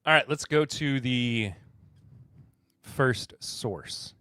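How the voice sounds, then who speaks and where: Slow-talking man hosting a bourbon stream. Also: medium pitch, clean tone, no room sound. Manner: relaxed, rambling, with fillers and self-corrections; answers chat comments and laughs at them. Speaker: podcast host. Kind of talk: casual live-stream chat.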